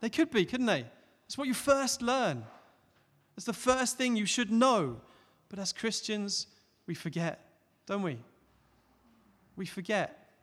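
A man preaching a sermon, earnest, rising to loud emphatic peaks and dropping to soft, close appeals. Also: high voice, lively intonation, measured pace. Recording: long hall reverb.

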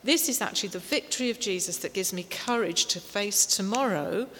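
A woman preaching a sermon, slow and emphatic, with warm storytelling asides. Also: medium pitch. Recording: long hall reverb, faint noise.

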